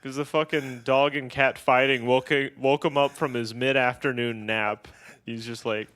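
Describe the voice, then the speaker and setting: A man's voice: mid-range voice, moderate pace. A man co-hosting a podcast, telling a travel story in casual chat, swearing and laughing often. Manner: animated, profane, laughs often. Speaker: podcast co-host.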